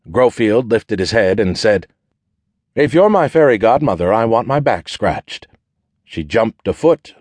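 A man narrating an audiobook in a measured, even storytelling manner. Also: low-pitched, husky, dry recording. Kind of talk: scripted narration.

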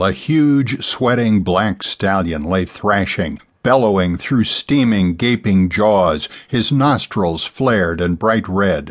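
A man narrating a dramatic novel in a measured, deliberate delivery. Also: lowish voice. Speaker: audiobook narrator. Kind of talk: scripted fiction narration.

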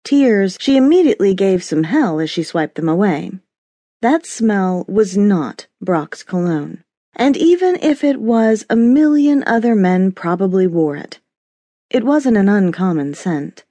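A woman narrating a romance audiobook in an expressive storytelling manner, close to a studio mic. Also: medium pitch, measured pace, no echo. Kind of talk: scripted narration.

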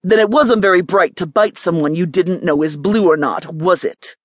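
A woman narrator voicing a calm, controlled man who speaks with quiet authority. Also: fairly low pitch, moderate pace, no room sound, clean studio sound, close to an everyday voice. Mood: dry. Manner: level, controlled, quietly threatening. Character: calm, firm man leading a covert team.

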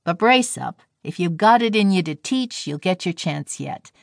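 A woman's voice: fairly low pitch, expressive, moderate pace, vocal fry, no room sound, clean studio sound. A woman voicing a breezy young railroad engineer. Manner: slangy, cheerful reassurance.

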